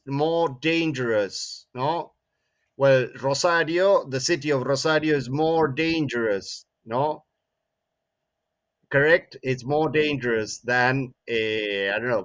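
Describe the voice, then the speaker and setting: Slow male English teacher. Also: mid-range voice. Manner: frequent tag questions "no?" and "eh?", repeats words. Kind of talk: classroom grammar lesson.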